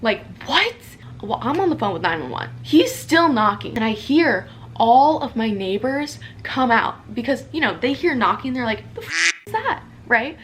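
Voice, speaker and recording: A young woman talks through a personal story in a loose, chatty vlog style. She fills her speech with "like" and "you know". Her voice sits a little high, with a faint background hum. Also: sing-song, normal speed, hardly any pauses. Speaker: social media creator. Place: at home in her apartment.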